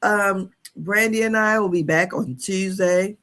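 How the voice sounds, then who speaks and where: A woman's voice: medium pitch, a little slow, fairly bright tone. A woman in her fifties hosting a casual live stream, chatty and candid, laughing often as she talks. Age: 50s. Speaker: podcast host.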